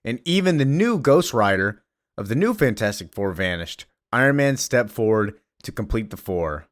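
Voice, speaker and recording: A man's voice: fairly low pitch, sing-song, normal speed, no echo, clean studio sound. A man casually recapping a comic storyline, chatty and full of fillers and wry asides.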